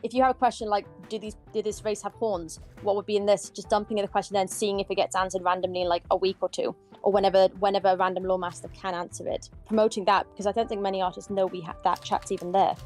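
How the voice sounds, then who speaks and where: A woman's voice: mid-range voice, level tone, racing, hardly any pauses, darkish tone, soft background music. A woman in an online team meeting, chatting eagerly and enthusiastically. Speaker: project team member. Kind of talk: casual chat in an online meeting. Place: online voice call.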